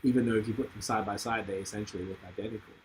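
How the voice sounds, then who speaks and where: Male podcast host, lowish voice, easygoing rambler, faint background hiss. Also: fairly even intonation, racing, a little mellow, rough recording. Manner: rambling and enthusiastic, thinks aloud. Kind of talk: casual podcast chat.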